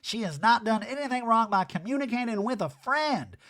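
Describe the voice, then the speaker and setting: A man voicing a brash, blunt adult woman reality star with a loud, sassy delivery. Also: very high voice, animated, moderate pace, voice pushed up.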